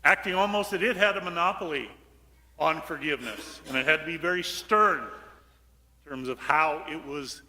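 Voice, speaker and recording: High bright-voiced priest in a reverberant church. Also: male voice, moderate pace. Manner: animated, acts out quotes in hushed voices, sudden shout. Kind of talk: homily. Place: large church.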